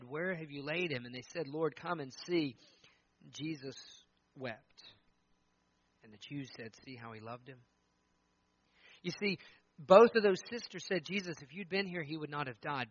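A man's voice: on the high side, a bit bright, no room sound, highs cut off. A man in his thirties preaching a sermon, talking conversationally and acting out the quotes he tells. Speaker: pastor.

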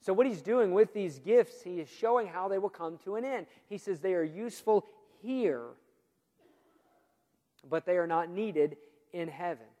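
A man preaching a sermon in a church, earnest and emphatic, often dropping his voice low for emphasis. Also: a little slow, warm tone. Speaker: pastor. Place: church sanctuary. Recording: long reverb of a church hall.

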